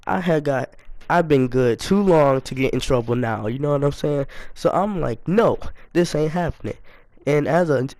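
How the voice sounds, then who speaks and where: A young man telling a casual story to his viewers, animated and self-mocking, full of slang. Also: mid-range voice, normal speed, no room sound. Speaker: storytime YouTuber.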